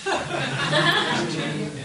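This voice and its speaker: A man preaching a sermon, emphatic and animated, reading scripture and breaking into exclamations. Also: extremely high pitch, drawn-out words, dry recording, a faint crowd.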